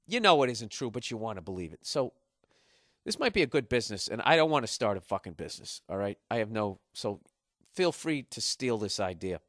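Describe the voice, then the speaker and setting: A male comedian ranting profanely in a comedic podcast, animated and building to loud outbursts. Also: lowish voice, normal speed, dry recording, clean studio sound.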